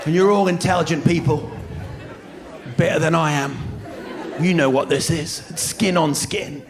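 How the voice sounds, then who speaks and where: A male stand-up comedian telling a story on stage with an animated delivery and sudden loud shouts, recorded on a handheld mic. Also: a little high, normal speed. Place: comedy stage before a live audience. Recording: live show with crowd laughter and hum.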